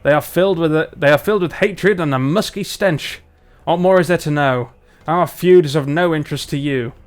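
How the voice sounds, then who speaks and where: A man voicing a proud, gruff male dwarf leader from the frozen north, in a put-on northern British accent and a formal, stern manner. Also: on the high side, fairly quick, lightly acted.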